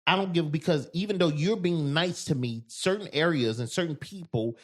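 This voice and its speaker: A man co-hosting a podcast in casual chat, telling animated stories and loudly acting out quoted lines. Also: fairly high pitch, moderate pace. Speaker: podcast co-host.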